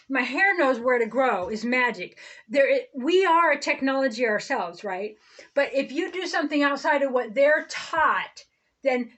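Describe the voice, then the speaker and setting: A woman's voice: sits high, fairly bright tone. A woman talking to camera in a rambling spiritual monologue, blunt and swearing freely, sometimes acting out the people she quotes. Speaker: spiritual vlogger.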